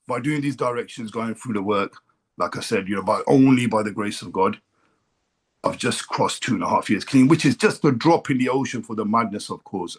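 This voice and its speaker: Husky middle-aged man, blunt and emotional. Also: mid-range voice. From England. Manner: blunt, emotional, swears freely. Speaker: recovery meeting speaker. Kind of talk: personal recovery share. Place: meeting room.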